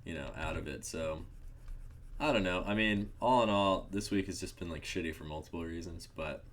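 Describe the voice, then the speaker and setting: A man's voice: low voice, moderate pace. A young man co-hosting a casual podcast, laid-back and joking, often trailing off mid-sentence. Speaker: podcast co-host. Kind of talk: casual chat.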